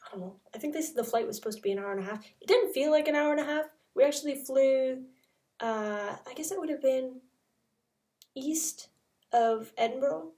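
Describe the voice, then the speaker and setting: A woman's voice: fairly high pitch, a little mellow, recorded from a distance. A young woman from Canada, telling a travel story in a casual, chatty way full of "like" fillers. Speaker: vlogger.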